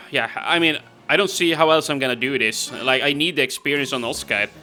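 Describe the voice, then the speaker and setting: A man's voice: medium pitch, brisk, sharp tone, faint music behind. A man hosting a game playthrough, chatting casually and talking to himself as he plays. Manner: casual, exasperated, talks to himself. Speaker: gaming video host. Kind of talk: let's play commentary.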